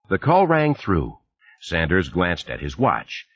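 Low husky male audiobook narrator. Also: wildly swooping pitch, takes it slowly, no room sound, lo-fi sound. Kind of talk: scripted narration.

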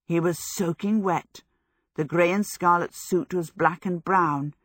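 Reading a storybook for an audiobook, a woman speaks in a low, measured tone and keeps her rhythm steady throughout. The sound is close-miked and dry, with no surrounding room or echo.

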